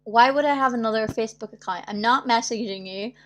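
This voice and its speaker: A young singer hosts her weekly livestream, talking fast in a voice on the high side. She tells chatty stories casually, imitating other people's voices and laughing frequently.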